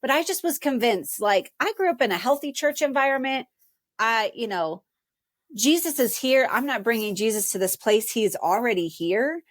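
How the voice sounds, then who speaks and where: A woman's voice: a little high, expressive, moderate pace, dry recording, studio quality. A woman guest on a podcast telling a personal story in an earnest, emotional way and voicing her own past thoughts. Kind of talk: conversational interview storytelling.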